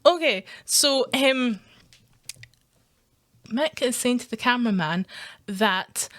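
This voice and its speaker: A woman's voice: fairly high pitch, measured pace. A woman with a Scottish accent ranting through a reaction commentary, swearing often and laughing as she goes. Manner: animated ranting, heavy swearing, frequent laughter. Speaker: reaction video streamer.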